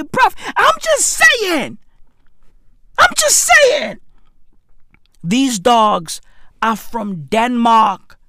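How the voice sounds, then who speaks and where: High, animated woman ranting. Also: very slow, long pauses, no echo, clean studio sound. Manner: profane, emphatic, slangy, keeps asking "right?". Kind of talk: comedic rant.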